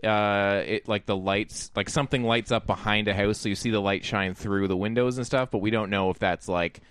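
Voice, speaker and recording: A man's voice: fairly low pitch, steady tone, normal speed, fairly bright tone, smooth, dry recording. A man in casual podcast chat who talks in a laid-back, hesitant way, full of "like" and "um".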